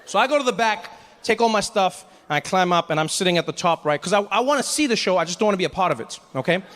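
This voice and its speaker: Man, stand-up comedian, animated storyteller, high voice. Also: fast talker, in a large hall.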